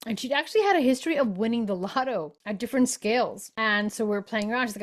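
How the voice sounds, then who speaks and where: A middle-aged woman hosts a spiritual podcast in a relaxed, conversational way. She acts out the voices she quotes, with animated swings in pitch and loudness. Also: fast, few pauses. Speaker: podcast host. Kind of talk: casual spiritual podcast talk.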